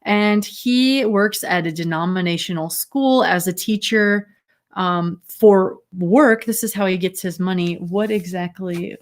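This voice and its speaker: A woman's voice: medium pitch, a little slow. A woman hosting a casual livestream chat over a video call, rambling with fillers and giggles. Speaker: host.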